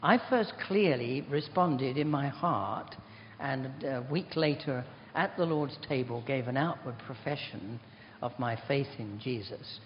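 A man's voice: mid-range voice, measured pace, a little hiss or hum. An older man giving an informal sermon, chatty and rambling, telling self-deprecating stories. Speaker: preacher. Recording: dull recording in a reverberant hall.

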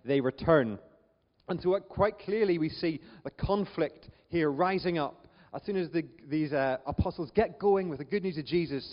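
Northern Irish male preacher, chatty sermon, slightly high voice, long reverb. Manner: chatty, self-deprecating, frequent ums. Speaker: visiting preacher. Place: church hall. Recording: dull church recording with long reverb.

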